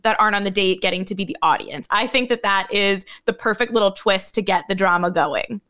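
A woman hosting a podcast, upbeat and reacting with quick comments in casual chat. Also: mid-range voice, fairly bright tone. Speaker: podcast host.

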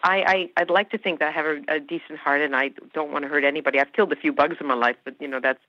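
Talking very fast in a low voice, a woman interviewed about her acting restarts sentences frequently, animated and emphatic. The sound is dull lo-fi without echo.

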